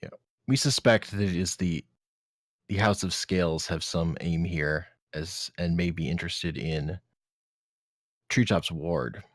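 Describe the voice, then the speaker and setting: A man with a very low voice plays his character in a tabletop game, slow and deliberate. His pitch rises and falls widely, and the recording is dry and close. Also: steady tone, no echo. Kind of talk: in-character play.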